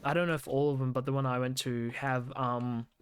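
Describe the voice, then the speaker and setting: A man's voice: mid-range voice, little pitch movement, brisk, clean tone. A young man co-hosting a casual chat while gaming, rambling with many fillers. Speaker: podcast co-host.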